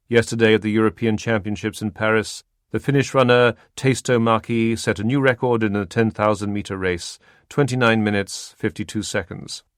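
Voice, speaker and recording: A male audiobook narrator reading a novel in a steady, measured way. His voice sits low and sounds dry and close, with no room around it. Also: clear, resonant tone, no echo. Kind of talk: scripted narration.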